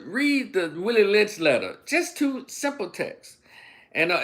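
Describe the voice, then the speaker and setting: Preachy man with a lively voice. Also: on the high side. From Memphis, USA. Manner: preachy, emphatic, asks rhetorical questions. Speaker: online political commentator. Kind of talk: livestream commentary monologue.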